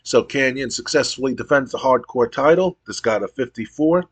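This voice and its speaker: A man's voice: medium pitch, normal speed, husky. A man narrating a wrestling sim playthrough as a game streamer, giving a play-by-play recap with casual asides.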